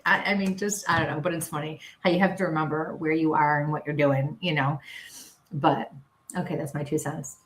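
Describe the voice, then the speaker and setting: A woman's voice: sits low, a little fast. A woman from Western New York with a local accent, co-hosting a casual livestream chat and telling stories with lots of laughter. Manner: animated storyteller, laughs often, acts out voices. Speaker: co-host. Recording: echoey room.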